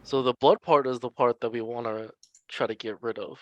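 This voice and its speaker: A man's voice: mid-range voice, steady tone, a little fast, fairly bright tone, no room sound, lo-fi sound. A man playing a character in a tabletop game, talking casually and a bit rambling. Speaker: player.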